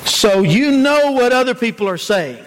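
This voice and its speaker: A man's voice: extremely high pitch, animated, normal speed, long reverb tail, a little hiss or hum, rough recording. A man preaching a sermon, citing scripture verses and putting rhetorical questions to the congregation.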